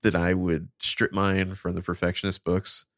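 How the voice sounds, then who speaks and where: A man's voice: low-pitched, little pitch movement, moderate pace, a bit bright, dry recording, clean studio sound. A man co-hosting a podcast, casually recapping scenes in a laid-back, wry way and reading characters' lines without putting on voices. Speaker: podcast co-host recapping a show.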